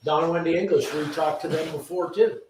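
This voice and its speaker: A man chats easily on a live stream, reading off names from the chat. His voice sits a little high. He sounds distant from the mic, and the garage around him rings with echo. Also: steady tone, brisk, darkish tone, a little hiss or hum. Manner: easygoing, reads chat names aloud. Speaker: shop owner hosting a live stream. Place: garage shop. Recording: echoey shop from far off.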